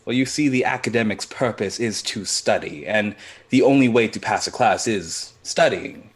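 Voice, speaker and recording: Low-voiced man, dry and long-winded. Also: expressive, normal speed, slightly rough. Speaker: player. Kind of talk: in-character role-play as a professor.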